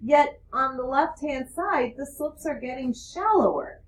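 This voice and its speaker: A woman teaching math in a classroom, explaining with quick questions to her students. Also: high-pitched, animated, a little hiss or hum, rough recording. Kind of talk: classroom lecture.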